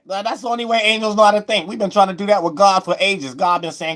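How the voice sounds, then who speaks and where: A man giving a loose, rambling spiritual astrology monologue, repeating himself and breaking into sudden loud, high shouts. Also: fast, hardly any pauses. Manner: loose, preachy, repeats "you know what I'm saying", bursts into loud high shouts.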